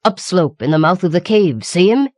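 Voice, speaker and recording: Old man guide in an audiobook fantasy, low hushed and grave, a lady reading him. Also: lively intonation, moderate pace, no echo, studio quality. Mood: solemn.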